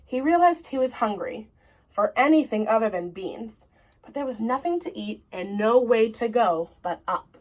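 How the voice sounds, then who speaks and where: A woman reading a children's story aloud in an expressive, deliberate way. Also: on the high side, dull audio.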